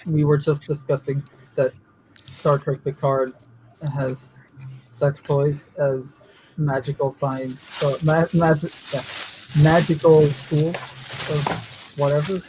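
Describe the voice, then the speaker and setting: A man's voice: fairly high pitch, little pitch movement, takes it slowly, background noise. A man hosting a casual pop culture chat, rambling and restarting his sentences as he explains.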